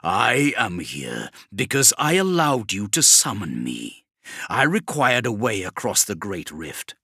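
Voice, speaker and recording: A man voicing a towering male demon in an audiobook, speaking slowly and contemptuously. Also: on the low side, bright, forceful tone, no echo, clean studio sound, heavily acted. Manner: slow, deliberate, contemptuous. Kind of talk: audiobook character reading.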